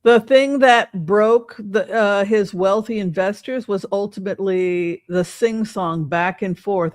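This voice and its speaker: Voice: medium pitch, steady tone, a little slow, few pauses, no room sound. An older tarot reader giving a casual reading, rambling and sarcastic, swearing freely.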